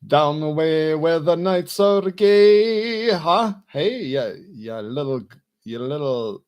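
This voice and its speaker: A man doing a loud, hammy Jamaican-accented pilot. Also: a little high, expressive, slow, smooth, voice pushed up. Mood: boisterous. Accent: attempted Jamaican. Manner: enthusiastic, unconvincing put-on accent. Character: loud cheerful male airline pilot.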